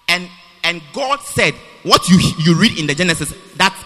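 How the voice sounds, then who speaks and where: A man's voice: high-pitched, sing-song, moderate pace, pushed and bright, faint music behind. A man preaching a sermon in a church, emphatic and repetitive, restarting phrases as he drives his point home. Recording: long reverb of a church hall.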